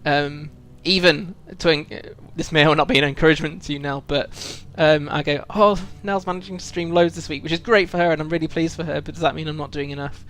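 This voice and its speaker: A man's voice: a little high, little pitch movement, brisk, few pauses, fairly bright tone. A British man streaming a video game, chatting reflectively with viewers, full of ums and restarts. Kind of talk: casual live-stream chat while playing.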